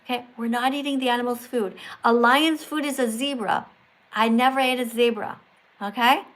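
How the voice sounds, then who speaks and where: A woman's voice: on the high side, steady tone, moderate pace, fairly bright tone, poor audio. A woman hosting a livestream, who lectures and corrects her guest like a strict teacher. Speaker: livestream host. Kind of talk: livestream chat.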